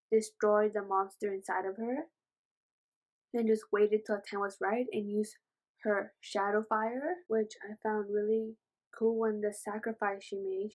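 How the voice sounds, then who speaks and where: A woman retelling a novel's plot in a casual book review vlog, gushing and excitable, with rambling asides and many fillers. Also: medium pitch, low-quality recording. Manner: gushing, excitable, says "oh my gosh" often.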